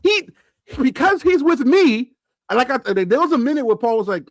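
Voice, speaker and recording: Brash New man, high and bouncy, boasting through a story on a podcast. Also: moderate pace, long pauses, no room sound. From Brooklyn, New York. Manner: animated, boastful storytelling with acted-out quotes. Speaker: podcast co-host. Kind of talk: casual chat.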